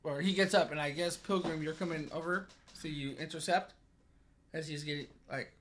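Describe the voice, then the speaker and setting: Narrating a tabletop game as game master, a man rambles with plenty of fillers. His voice is fairly high and a bit bright, even in intonation and moderate in pace, with slight background noise.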